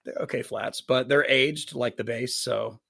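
A man talking casually as a podcast guest, his voice carrying a gravelly edge. He takes his time, stumbles through fillers and restarts, and drops the odd dry joke. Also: mid-range voice, a little slow, a bit bright. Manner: laid-back, hesitant, many fillers, dry humor. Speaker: guest musician. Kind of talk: casual interview chat.

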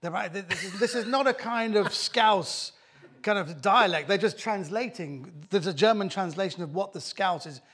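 A man's voice: high voice, normal speed, fairly bright tone, breathy edge. A man on a comedy football panel, rambling through mock-indignant banter. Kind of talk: joking panel chat.

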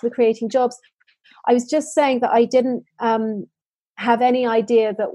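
A woman's voice: on the high side, a little mellow, no echo. A woman from the United Kingdom, a social enterprise founder, answering interview questions in earnest stories full of restarts and fillers.

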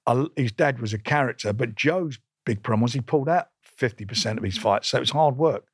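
This older boxing promoter speaks briskly at medium pitch with a breathy edge, in a dry, clean studio recording. During the interview he tells blunt stories emphatically and combatively, repeating himself and stumbling into restarts.

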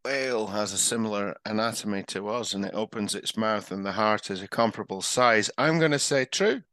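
A man's voice: lowish voice, fairly quick, a bit bright, no echo. A man co-hosting a comedy podcast, telling self-deprecating stories in a chatty, easygoing way. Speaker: podcast co-host.

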